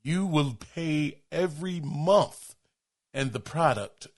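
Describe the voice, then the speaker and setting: A man trying a slow, deep older narrator voice. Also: animated. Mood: solemn. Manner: slow, hesitant, stumbling.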